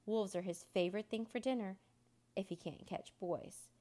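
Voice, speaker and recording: A woman's voice: mid-range voice, moderate pace, warm tone, natural voice. A woman voicing Jack, a cheerful but bossy young man in a storybook, firm with the wolf and friendly to the boy. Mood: stern. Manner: stern then cheery, bossy.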